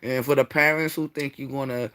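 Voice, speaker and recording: A man's voice: medium pitch, fairly even intonation, a little fast, fairly bright tone, smooth. A man talking casually on his own livestream, blunt and rambling, swearing freely as he goes. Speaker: livestream host.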